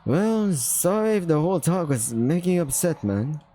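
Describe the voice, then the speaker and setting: A man voicing a friendly, chatty male dingo in a visual novel, in a high, breezy put-on voice with a rough British try. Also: big pitch swings, moderate pace, warm tone. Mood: soothing. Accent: attempted British.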